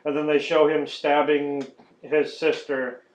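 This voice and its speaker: A podcast host with a slightly high, level, unhurried voice rants through casual chat, swearing often and doing mocking impressions. The audio is an echoey, lo-fi room recording.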